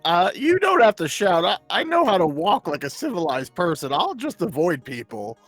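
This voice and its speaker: A man playing a tabletop game, role-playing his character in a matter-of-fact, deadpan way. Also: sits high, normal speed, no room sound, faint music behind.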